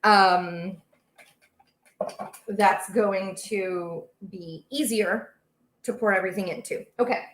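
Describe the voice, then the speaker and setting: A woman's voice: mid-range voice, fairly even intonation, slow, long pauses. Brief: young woman, chatty livestream baking host, rambling, a roomy echo in the kitchen. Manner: chatty, rambling, reads out viewer comments. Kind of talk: casual live-stream chat while cooking. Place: home kitchen.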